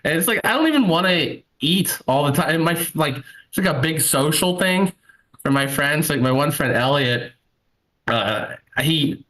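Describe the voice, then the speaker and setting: A man's voice: a little high, expressive, measured pace, fairly bright tone, poor audio. A man in his thirties doing a stand-up set from home over a video call, telling rambling, self-mocking stories with lots of fillers. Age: 30s. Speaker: stand-up comedian. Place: home, at a computer. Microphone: computer mic on a video call.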